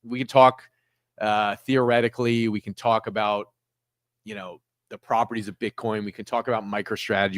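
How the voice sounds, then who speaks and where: Low-voiced man talking through trades. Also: no room sound, studio quality. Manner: rambling, with many fillers and restarts. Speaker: trading livestream host. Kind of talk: casual livestream talk walking through trades.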